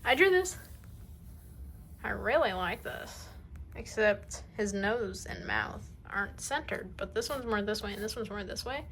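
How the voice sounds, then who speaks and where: A woman's voice: medium pitch, lively intonation, measured pace, a bit bright, slight background noise, low-quality recording. A woman giving a casual tour of her sketchbook, gushing and rambling, often trailing off into mumbles. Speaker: artist showing her sketchbook.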